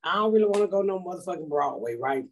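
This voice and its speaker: A woman hosting a podcast, telling stories loudly and profanely in casual chat. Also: lowish voice, fast, slight background noise. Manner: loud, profane, animated storytelling. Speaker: podcast host.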